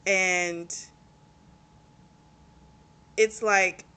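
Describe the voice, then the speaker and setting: A woman's voice: mid-range voice, fairly even intonation, very slow, sharp tone, smooth. Chatty woman recapping a book. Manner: chatty, swears freely, many fillers. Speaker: book reviewer.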